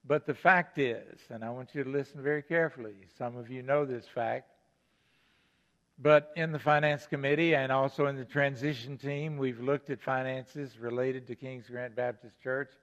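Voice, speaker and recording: Older preacher in an echoing, dull-sounding church. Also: male voice, mid-range voice, steady tone, normal speed, fairly bright tone. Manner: earnest, stresses key words, repeats phrases. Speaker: pastor. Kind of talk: sermon. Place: church sanctuary.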